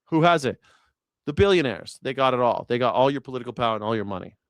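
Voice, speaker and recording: A man's voice: mid-range voice, animated, fast, smooth, dry recording, studio quality. A man hosting a news reaction show, ranting about politics in a crude, sarcastic, mocking way with lots of swearing. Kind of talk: profane political commentary rant.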